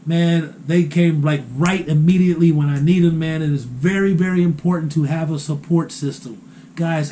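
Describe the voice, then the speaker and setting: A man's voice: on the high side, dark tone, slight background noise. Man telling a story in a casual vlog. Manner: repeats words, ends phrases with "man". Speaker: vlogger.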